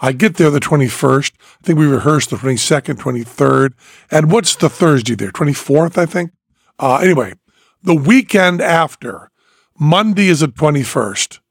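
A man's voice: a little high, expressive, moderate pace, vocal fry, dry recording, studio quality. A man hosting a casual chat, telling rambling stories and acting out dialogue. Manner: rambling storyteller, acts out dialogue. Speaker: podcast host, magician.

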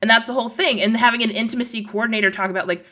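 A woman's voice: a little high, fairly even intonation, racing, pushed and bright. A young adult woman, an entertainment journalist guest, chatting casually and rambling with many "like" fillers. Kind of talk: casual podcast chat.

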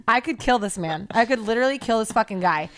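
A woman's voice: on the high side, animated, fast, a bit bright. Ranting profane woman podcast co-host. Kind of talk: casual podcast chat.

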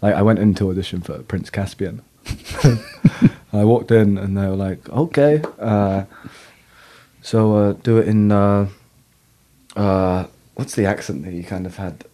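A man's voice: lowish voice, fairly even intonation, measured pace, long pauses, warm tone. A man, an actor, telling stories in a casual interview, laughing often at himself. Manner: laughs often, self-deprecating. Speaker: actor guest.

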